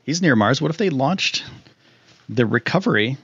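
A man's voice: moderate pace, breathy edge. A young man chats on his live stream in a loose, rambling way, full of ums and restarts, and his voice shoots up when something thrills him. The sound is a bit dull and lo-fi, with a dry, close feel and almost no room echo. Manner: excitable, rambling, lots of fillers, jumps high when thrilled. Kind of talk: casual live-stream chat.

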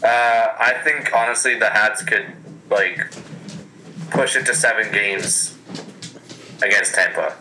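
Bright-voiced blunt casual man. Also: fairly low pitch, takes it slowly, pauses often, a little hiss or hum, low-quality recording. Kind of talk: casual hockey chat.

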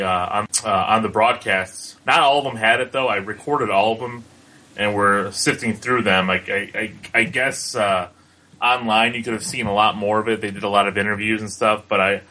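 A man's voice: on the low side, pushed and bright, rough recording. A man with a young son, co-hosting a casual podcast, rambling with lots of ums and restarts. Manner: rambling, many fillers and restarts. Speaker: podcast co-host. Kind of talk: casual chat.

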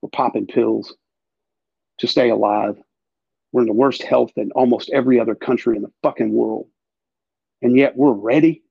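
A man's voice: medium pitch, vocal fry, breathy edge, no echo, highs cut off. A man hosting a podcast, talking in an emphatic, profane, ranting way. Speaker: podcast host. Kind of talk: casual political chat.

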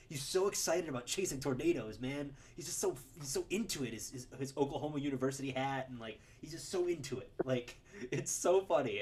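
A man co-hosting a podcast, talking about a film in a casual, animated way, laughing often and restarting his sentences. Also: mid-range voice, a little hiss or hum. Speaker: podcast co-host.

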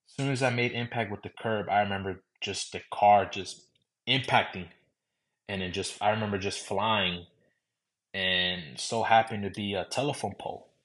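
A man's voice: lowish voice, fairly bright tone. Young Texan man telling a story. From San Antonio, Texas. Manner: loose, conversational, repeating "I remember". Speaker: podcast host. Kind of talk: personal storytelling.

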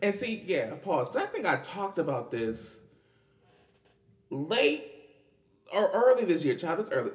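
A man's voice: high-pitched, very animated, moderate pace, long pauses. A young man, hosting a casual podcast and commenting on news in a loose, chatty way with restarts and laughs. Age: 20s. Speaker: podcast host.

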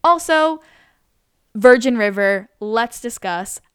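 A woman's voice: on the high side, lively intonation, slow pace, clear, resonant tone, dry recording, studio quality. A woman of twenty-three chatting casually and gushing about what she has watched, full of "like" and "literally". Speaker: vlogger. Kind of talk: casual chat.

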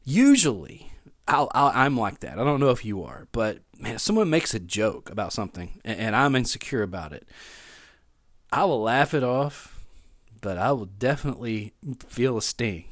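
A man's voice: on the low side, lively intonation, moderate pace, a bit bright, no room sound, studio quality. A man preaching a sermon, reading scripture aloud with expression and talking to his listeners in an easy, conversational way. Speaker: pastor.

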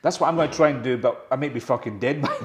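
A man's voice: mid-range voice, rapid-fire, noisy background. A man hosting a casual interview, rambling through his questions and swearing freely. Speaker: podcast host. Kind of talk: casual chat. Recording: echoey room.

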